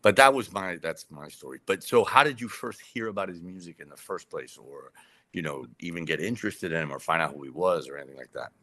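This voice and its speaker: A man's voice: deep voice, animated, brisk, bright, forceful tone. A man, a documentary director, telling a rambling story in an interview with lots of fillers and restarts. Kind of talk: casual conversational storytelling.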